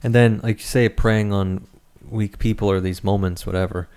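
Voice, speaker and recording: A man chatting on a book club podcast in a loose, joking way, with swearing tossed in. His voice sits low and warm. He sounds relaxed and easygoing. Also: normal speed, clean tone. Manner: laid-back, swears freely, jokey asides. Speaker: podcast co-host. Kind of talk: casual book club chat.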